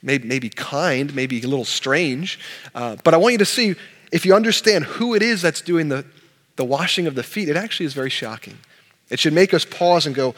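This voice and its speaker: A man preaching a sermon in earnest, animated delivery, often repeating and restarting words. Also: fairly high pitch, moderate pace, big-room sound. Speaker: pastor. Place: church.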